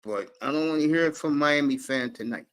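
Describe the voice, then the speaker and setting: A man's voice: fairly high pitch, brisk, fairly bright tone. A man hosting a live sports talk stream, brash and profane, calling out chat viewers by name. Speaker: sports talk show host.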